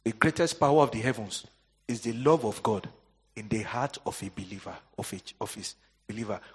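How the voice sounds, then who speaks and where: A male pastor preaching a sermon. He leaves questions hanging for the congregation to answer and swings between soaring emphatic lines and quiet asides. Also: lowish voice, brisk, husky.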